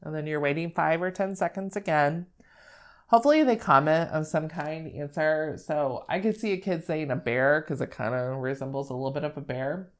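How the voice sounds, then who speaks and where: A young woman speech therapist calmly explaining, step by step, how to model words while reading with a child. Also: low-pitched, normal speed. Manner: calm, step-by-step explaining with fillers. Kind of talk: instructional demonstration.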